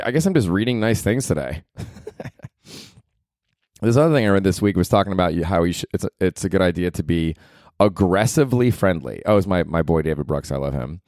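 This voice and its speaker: A man's voice: deep voice, lively intonation, fairly quick, a little mellow, no echo, studio quality. A young man hosting a solo comedy podcast, rambling and joking in slang. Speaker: podcast host.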